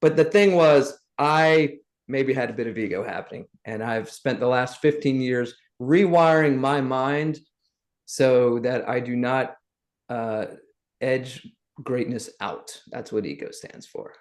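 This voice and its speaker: Man, middle-aged, podcast guest, animated storyteller. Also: mid-range voice, a little slow. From Southern United States. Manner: lively anecdotes, acts out the people he quotes.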